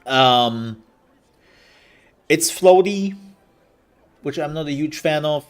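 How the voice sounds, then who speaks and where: A man's voice: fairly high pitch, animated, slow, clear, resonant tone. A man streaming live, giving casual commentary on game demos in a rambling, candid way with hesitant fillers.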